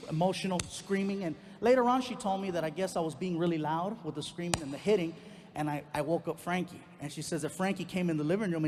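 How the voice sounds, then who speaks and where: A male stand-up comedian telling a personal story on stage, animated and acting out each person in it. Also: high voice. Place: comedy stage in a large venue. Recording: live hall with faint noise.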